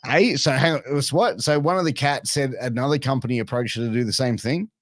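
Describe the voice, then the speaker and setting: Excitable, swearing podcast host. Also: male voice, mid-range voice, quick pace, dry recording, studio quality. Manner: excitable, swearing, laid-back questioning. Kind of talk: casual podcast interview.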